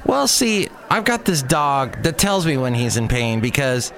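A man's voice: medium pitch, big pitch swings, unhurried, a bit bright. A man hosting his own daily podcast, telling a rambling story in a chatty, exasperated way. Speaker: podcast host. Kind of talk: casual solo podcast monologue.

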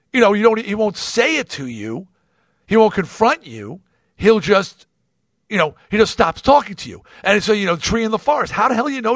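Male podcast host, animated raconteur voicing the other people in his stories; slightly high voice, dry close mic. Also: no room sound. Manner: animated, acts out quoted dialogue, swears freely. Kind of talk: casual storytelling monologue.

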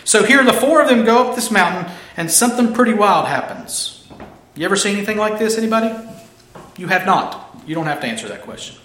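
A man's voice: sits high, expressive, a little fast, a bit bright. A man preaching a casual, humorous sermon, telling the story animatedly and acting out the characters. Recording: roomy echo.

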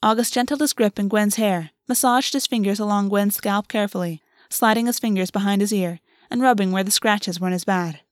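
Woman narrating a fantasy novel, steady even read, close dry mic. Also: medium pitch, a little fast, few pauses, no room sound. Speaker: audiobook narrator. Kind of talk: scripted narration.

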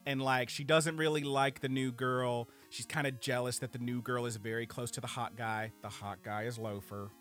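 Brief: casual podcast co-host, male, animated and profane, lots of "like". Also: mid-range voice, normal speed, few pauses, faint music behind. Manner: animated, profane, filler-heavy. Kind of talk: casual anime review chat.

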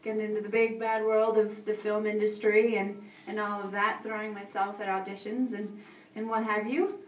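A woman's voice: mid-range voice, flat delivery, normal speed. Young woman, nervous and giggly, rambling panel talk, echoey room, recorded from a distance. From Texas. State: out of breath. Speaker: voice actress on a convention panel. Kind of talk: casual panel Q&A.

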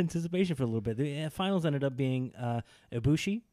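A man co-hosting a podcast, chatting casually and enthusiastically about wrestling, rambling and getting animated. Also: medium pitch, fast talker, no echo, studio quality. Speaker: podcast co-host.

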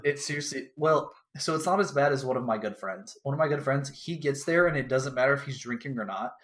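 A man's voice: medium pitch, a little fast, a bit bright. Young guy rambling thru a bar story, swears a lot, does everyone's lines, roomy echo. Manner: rambling storyteller, acts out quotes, swears freely. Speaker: podcast co-host. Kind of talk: casual chat. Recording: echoey room.

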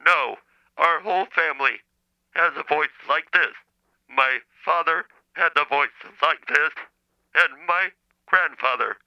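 A robotic speech-synthesizer voice playing an indignant male caller, flat and clipped. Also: a little high, measured pace, muffled recording. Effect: computer speech synthesizer.

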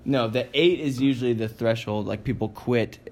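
A man's voice: medium pitch, moderate pace, darkish tone. A young man co-hosting a casual podcast, rambling and laughing often. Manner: giggly, rambling, lots of laughing. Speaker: podcast co-host. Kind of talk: casual chat.

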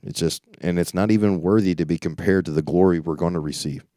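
A man leads a Bible study, reading scripture aloud and pausing often to comment in a loose, conversational way. His voice sits very low and mellow, with a dry, close sound. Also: dry recording. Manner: reads scripture aloud then comments informally; conversational, with frequent restarts and asides. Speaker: preacher.

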